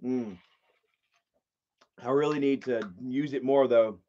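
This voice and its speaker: A man's voice: medium pitch, steady tone, takes it slowly, dull audio. A young man hosting a live stream, reading viewer comments and telling a rambling story with plenty of swearing. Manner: rambling storyteller, swears freely, shouts when acting out a scene.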